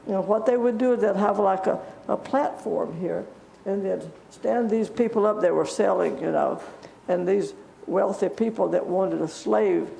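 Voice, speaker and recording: A woman's voice: mid-range voice, unhurried, gravelly, warm tone, a little hiss or hum. A woman teaching a Bible story to children in a church, chatty and asking them questions. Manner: conversational, asks the children questions. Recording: echoey church room.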